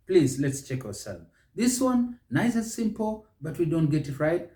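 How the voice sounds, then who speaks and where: Kenyan man drilling pronunciation, lively pitch. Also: echoey room. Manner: drills each word by repeating it slowly. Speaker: pronunciation teacher. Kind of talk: instructional monologue.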